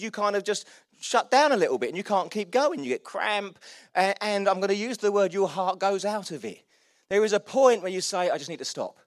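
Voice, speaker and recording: Chatty preacher with a dry sound. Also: male voice, fairly high pitch, no echo. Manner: chatty and self-mocking, with frequent laughs and restarts. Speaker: pastor. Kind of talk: sermon. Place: church hall.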